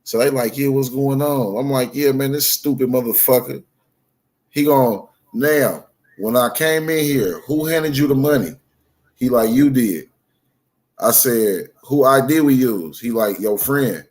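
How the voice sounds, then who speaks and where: Man telling a story, profane and animated. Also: mid-range voice, unhurried. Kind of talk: casual storytelling chat.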